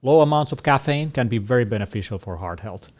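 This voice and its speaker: A man co-hosting a casual Q&A, explaining things in a measured way with frequent fillers. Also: mid-range voice, expressive, a little mellow. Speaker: co-host answering questions. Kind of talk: casual panel Q&A.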